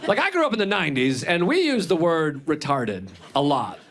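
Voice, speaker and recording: A man in his forties doing a stand-up set, self-deprecating, deadpan asides mixed with animated impressions of his friends. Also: a little high, moderate pace. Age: 40s. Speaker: stand-up comedian. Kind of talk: stand-up routine. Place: comedy club stage before a live audience. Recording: live club set with a laughing crowd. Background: audience laughter.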